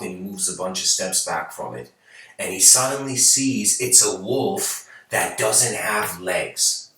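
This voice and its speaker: A man's voice: on the low side, bright, forceful tone. Man rambling a story in an echoey room. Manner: rambling, hesitant, many fillers and restarts. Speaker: channel host giving a talk. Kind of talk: rambling spoken storytelling lecture. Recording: very echoey room, far from mic.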